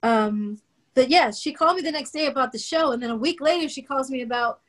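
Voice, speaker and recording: A woman's voice: sits high, a little fast. A middle-aged woman from Oakland, California, telling her story in an interview and animatedly acting out the voices she quotes. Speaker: guest singer.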